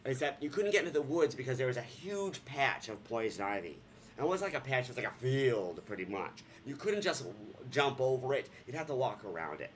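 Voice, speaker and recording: A man from Vermont tells a comic story on his vlog with a playful, sarcastic edge. His voice moves a lot, rising and dropping in pitch as he jumps into squealing high voices, and a faint hiss sits underneath. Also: expressive, a little fast. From Vermont, USA. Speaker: vlogger.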